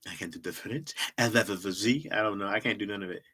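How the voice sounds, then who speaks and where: With a husky, fairly low voice that's bright and forceful, a middle-aged man hosts a livestream at moderate pace. His casual, stand-up style talk wanders and repeats, punctuated by frequent laughter and reactions to chat.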